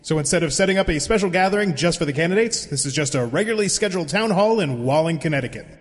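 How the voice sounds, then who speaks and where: A man's voice: on the high side, lively intonation, quick pace. A man playing a debate moderator in a satirical sketch, using a formal announcer-style delivery. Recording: long hall reverb.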